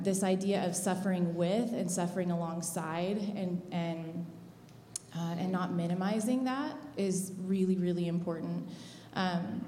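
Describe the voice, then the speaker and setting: A woman's voice: fairly low pitch, mellow, a little hiss or hum. A woman who supports mothers through labor, speaking earnestly and reflectively with frequent fillers in a church interview. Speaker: labor support worker at births. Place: church auditorium. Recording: echoey hall with long reverb.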